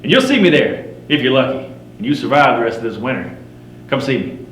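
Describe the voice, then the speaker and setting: A grizzled mountain man, played by a middle-aged man, spins a campfire tall tale in a folksy drawl and rough frontier grammar. He swaggers and stays wry, with a voice in the middle range for a man. The room is roomy, with a faint hum underneath. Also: medium pitch, sing-song, brisk, close to an everyday voice. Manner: swaggering, wry, chuckling at his own yarns. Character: boastful frontier mountain man, grizzled fur trapper telling tall tales. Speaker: living history storyteller.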